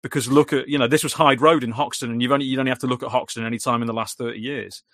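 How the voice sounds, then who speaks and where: A man talks quickly and eagerly, tripping over restarts as his strained voice starts to wear thin. The sound is close and dry, with almost no room around it. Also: mid-range voice, no echo. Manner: rapid, animated, many restarts. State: voice going hoarse. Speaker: guest. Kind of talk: casual conversation.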